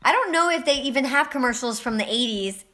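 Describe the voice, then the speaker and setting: A young woman co-hosts a casual game livestream, reading viewer comments aloud and laughing easily between them. Her voice sits high and bright, with a bubbly, chatty lilt. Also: expressive, fast. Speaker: livestream co-host reading chat.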